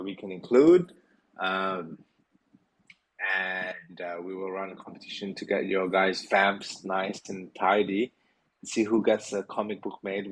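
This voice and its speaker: A man's voice: low voice, a little hiss or hum, poor audio. A tired man hosting a casual live audio Q&A, rambling with many fillers and yawning late at night. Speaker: host of a community Q&A.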